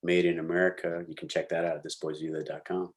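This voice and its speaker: A young adult man, an actor guest, telling lively stories in a casual interview and acting out what people said. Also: deep voice, fast talker. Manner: animated storyteller, slangy, acts out quotes.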